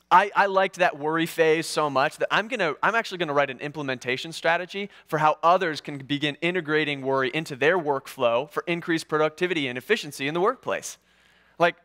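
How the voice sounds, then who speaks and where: A man preaching a sermon in a casual, conversational way, with animated, sarcastic asides. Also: on the high side, a little fast. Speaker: pastor. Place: church.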